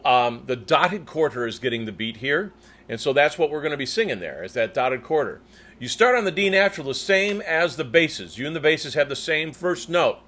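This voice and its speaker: A man coaching tenors as a choir conductor, demonstrating German words slowly with crisp rolled R's between explanations. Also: fairly high pitch, a bit bright. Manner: slow, deliberate delivery. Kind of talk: diction coaching lesson.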